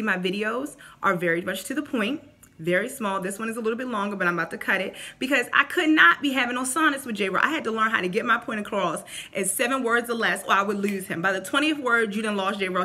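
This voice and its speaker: A woman vlogging casual faith advice to camera, animated and acting out quotes in voices. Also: a little high.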